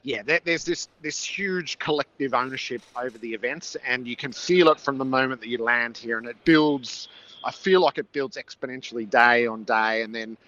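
A man's voice: medium pitch, normal speed, pushed and bright, highs cut off. A man who calls football games, describing the build-up from his stadium broadcast position in vivid, storytelling detail. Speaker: NFL commentator calling the game. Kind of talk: on-location phone-in chat.

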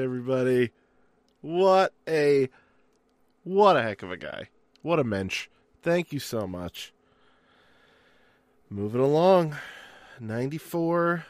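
Slow, lively-pitched male host. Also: no room sound. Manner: enthusiastic, showman-like introductions. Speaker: podcast host. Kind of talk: introducing guest clips.

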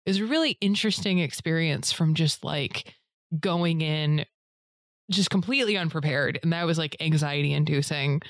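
A woman's voice: sits low, moderate pace, no echo, clean studio sound. A woman in a casual chat, telling a long story full of fillers and acting out other people's lines. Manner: rambling storyteller, many fillers, acts out others in a raised voice.

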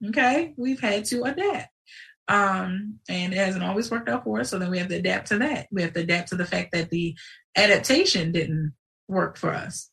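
A woman hosting a live show in casual livestream talk, animated and digressive, with sudden outbursts. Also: mid-range voice, creaky, distant mic, rough recording.

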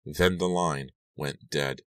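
Very deep-voiced male audiobook narrator. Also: fairly even intonation, slow, smooth, no echo, studio quality. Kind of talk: scripted horror narration.

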